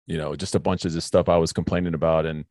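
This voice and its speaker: A man's voice: rumbling low, fairly even intonation, quick pace, a little mellow, no room sound, studio quality. A man hosting a casual faith conversation, telling a personal story earnestly and calling his guest bro. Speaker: podcast host.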